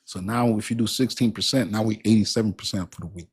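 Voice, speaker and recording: A man's voice: on the low side, fast, husky. A man hosting a casual crypto livestream, talking straight to his chat in a hyped, repetitive way. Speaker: crypto channel host.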